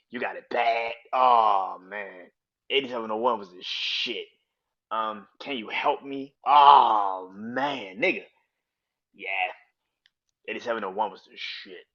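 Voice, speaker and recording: Profane, excited man hosting a podcast. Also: mid-range voice, lo-fi sound. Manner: loose, profane, enthusiastic, laughs often. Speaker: podcast host. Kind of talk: casual solo podcast monologue.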